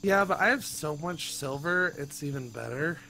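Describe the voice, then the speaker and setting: Casting note: male gamer, a bit high, needling jokes, faint hiss behind. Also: expressive, normal speed, vocal fry, bright, forceful tone. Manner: joking, needling. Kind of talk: casual gaming chat.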